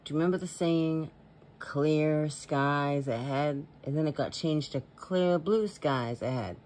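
A man's voice: medium pitch, slight background noise. A man in a casual vlog voice-over, talking in an earnest, rambling way as a paranormal vlogger.

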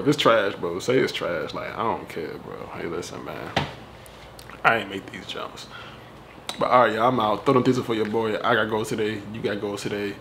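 Slangy, animated man reviewing a headset. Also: on the low side, creaky, slight background noise. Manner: animated, slangy, talks straight to viewers. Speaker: tech reviewer. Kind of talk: casual unboxing review vlog.

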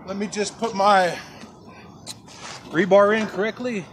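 A man with a fairly high voice chats through a backyard barbecue vlog in a relaxed, folksy way, calling his viewers folks. He talks outdoors beside his smoker, with faint noise around him. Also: measured pace. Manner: folksy, chatty, addresses viewers as folks and y'all. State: coughing from pepper rub. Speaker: barbecue channel host. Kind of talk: casual cooking vlog.

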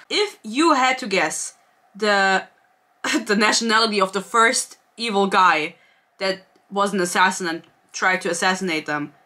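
Young woman in her twenties, book reviewer, sarcastic and giggly, bright tone. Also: medium pitch. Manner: sarcastic, laughing, reads excerpts aloud. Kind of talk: casual book review vlog.

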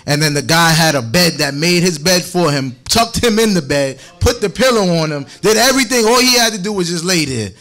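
Guy preaching all jokey and laughing, kinda high voice. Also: animated, brisk, hardly any pauses, fairly bright tone. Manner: playful, laughing, chatty. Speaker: congregation teacher. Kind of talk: joking sermon talk.

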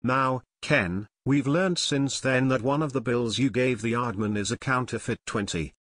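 A man voicing Frank, a calm, kind teenage boy detective with a steady, inquiring manner. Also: medium pitch, moderate pace, no room sound, studio quality, lightly acted.

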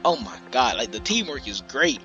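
A young man giving casual, excitable play-by-play commentary on a basketball game, swearing and trash-talking the players. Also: mid-range voice, moderate pace, music in the background. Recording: slightly muffled lo-fi audio, faint background noise.

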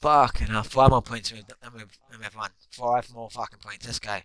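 Excitable young man swearing at a game. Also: medium pitch, fairly quick, no echo. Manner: excitable, swears constantly, shouts at teammates. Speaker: gamer. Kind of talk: live gameplay commentary.

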